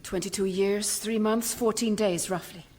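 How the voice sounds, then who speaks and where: A woman playing a breathy Swedish lost love. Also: medium pitch, fairly even intonation, normal speed, very noisy, natural voice. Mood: melodramatic. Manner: breathy, melodramatic, rambling romance. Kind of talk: radio sitcom acting.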